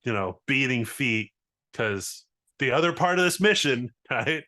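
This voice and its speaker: A man's voice: medium pitch, animated, unhurried, bright, forceful tone, a little hiss or hum. A man playing a tabletop role-playing game, describing his character's actions in a rambling, casual way. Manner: rambling, filler-heavy. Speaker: player.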